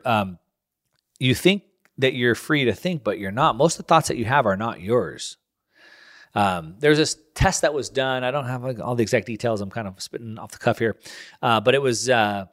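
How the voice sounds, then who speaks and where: Man, middle-aged, solo commentary host, off-the-cuff, rambling, jumpy pitch. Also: animated, moderate pace, a bit bright. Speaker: show host.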